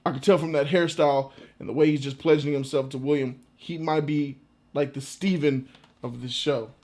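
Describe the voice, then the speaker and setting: A man giving a casual, rambling reaction to a movie trailer, excitable and quick to laugh. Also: on the high side, slight background noise.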